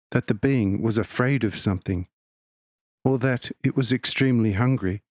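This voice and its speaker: A man's voice: medium pitch, a little mellow, no echo, clean studio sound. Man reading a solemn audiobook. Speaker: audiobook reader. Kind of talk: audiobook narration of a religious text.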